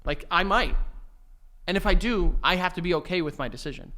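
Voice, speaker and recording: Young new man, slightly high voice, crude animated storytelling, casual podcast talk. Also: a little fast. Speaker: podcast co-host. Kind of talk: casual chat.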